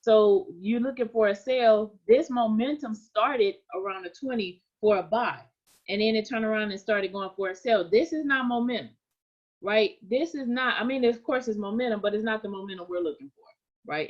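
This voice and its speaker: A woman's voice: fairly high pitch, normal speed, dull audio. A woman teaching forex trading in a live stream, talking conversationally, repeating her points and often checking in with "right?". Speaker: trading coach.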